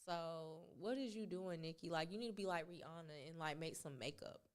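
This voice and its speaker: A woman talking as a guest in a casual interview. She tells stories in an animated, slangy way, with lots of filler words and acted-out quotes. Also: deep voice, a little fast. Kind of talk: casual chat.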